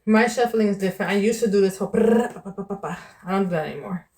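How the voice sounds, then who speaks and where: A woman's voice: medium pitch, rapid-fire, a little mellow. A woman from New York, a vlogger and tarot reader, chatting casually to the camera in a candid way and calling the viewer "child" and "baby".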